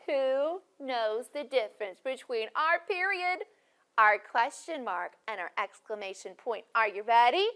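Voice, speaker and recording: A woman teaching a first grade class, speaking clearly and encouragingly to students watching on video. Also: fairly high pitch, big pitch swings, fairly bright tone. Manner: clear, encouraging, deliberately paced teacher talk.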